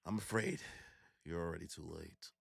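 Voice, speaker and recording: A man voicing a cool, blunt young swordsman in a quiet, flat delivery while retelling a comic. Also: deep voice, normal speed, creaky, husky, no echo, studio quality, voice pushed down, heavily acted. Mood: deadpan.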